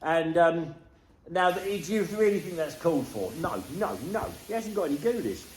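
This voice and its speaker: A man's voice: a little high, lively intonation, normal speed, a little mellow. A middle-aged man from Britain telling rambling, jokey stories to camera and chatting to his dog between them. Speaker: vlogger. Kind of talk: casual storytelling to camera. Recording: echoey room with some noise.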